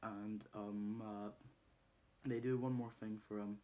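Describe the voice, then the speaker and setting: A man's voice: on the low side, level tone, slow, dark tone. A man casually recapping a film's plot in a rambling way, with many ums and uhs. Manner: rambling, many ums and uhs, laughs while retelling scenes. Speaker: movie reviewer.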